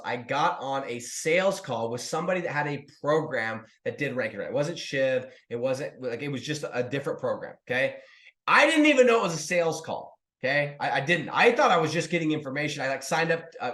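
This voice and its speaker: A man in his thirties, an online business coach, telling a story to viewers in a lively, casual way. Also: fairly high pitch, a little fast. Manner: animated, talks to viewers as "dude" and "guys". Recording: roomy echo.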